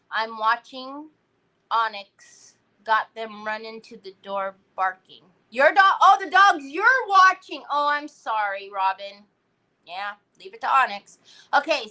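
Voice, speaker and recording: Bright, high-pitched chatty woman host. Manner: chatty and playful, uses cutesy baby talk; reads out viewers' chat comments. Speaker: crafting livestream host. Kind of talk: casual live-stream chat while crafting.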